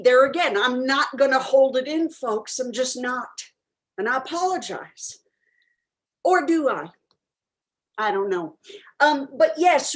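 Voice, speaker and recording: A woman playing an eccentric self-declared medium who answers questions in a rambling, frank way, full of ums and uhs. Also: sits high. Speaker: guest answering audience questions. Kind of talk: improvised character comedy.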